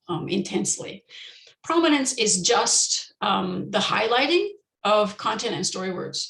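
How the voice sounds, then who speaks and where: A woman presenting an online teacher-training lecture, explaining step by step with frequent pauses and slowing down to model example sentences. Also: medium pitch, gravelly, fairly bright tone, echoey room, rough recording.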